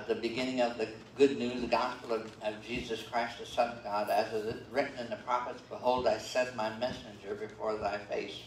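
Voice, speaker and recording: A man's voice: medium pitch, a little hiss or hum. An older man preaching a sermon as pastor, talking conversationally with many fillers and "okay?" check-ins. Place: church sanctuary. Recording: roomy, distant church livestream.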